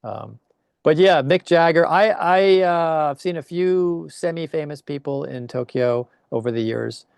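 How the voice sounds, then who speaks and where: A man's voice: on the high side, expressive, unhurried, gravelly, a little mellow, clean tone, no echo. An older man, a podcast guest, chatting casually and telling rambling anecdotes with quoted voices. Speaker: podcast guest, longtime teacher in Japan. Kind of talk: casual storytelling chat.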